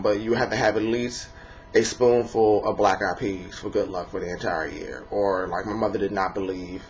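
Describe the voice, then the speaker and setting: Low-voiced rambling D.C. man, lo-fi. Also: a little hiss or hum. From Washington, D.C. area. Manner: rambling and profane, many fillers. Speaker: vlogger. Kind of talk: casual monologue to camera. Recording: dull lo-fi recording.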